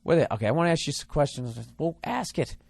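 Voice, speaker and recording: Man, podcast host, comedic advice rant, swearing, exasperated, fairly high voice, dry sound. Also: big pitch swings, quick pace, gravelly, a little mellow, dry recording. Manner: profane, exasperated ranting.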